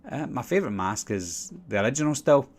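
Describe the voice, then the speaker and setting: A man's voice: medium pitch, lively intonation, brisk. Glaswegian man answering live questions. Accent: Glaswegian Scottish. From Scotland. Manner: casual, rambling, filler-heavy. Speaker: channel host. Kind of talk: live-stream Q&A, reading viewer questions.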